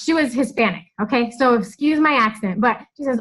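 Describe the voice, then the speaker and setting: Uma mulher que lidera uma reunião de equipe de coaches, falando de forma descontraída e animada, rindo com frequência. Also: female voice, on the high side, animated, fairly quick, a bit bright, poor audio. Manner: chatty and upbeat, laughs often. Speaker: team leader hosting a coaches' call. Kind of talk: casual team meeting talk.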